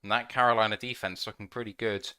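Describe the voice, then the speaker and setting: A man hosting a live fan watch-along, commenting on the game play by play and getting loud and excited at big plays. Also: fairly low pitch, fast talker, clear, resonant tone. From United Kingdom. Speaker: fan podcast host.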